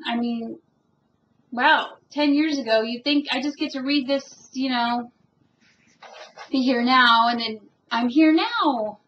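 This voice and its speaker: A woman's voice: on the high side, a little hiss or hum. Earnest rambling woman on a lo-fi webcam. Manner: earnest and rambling, with many fillers; emotionally moved. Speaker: spiritual vlogger. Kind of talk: casual personal monologue.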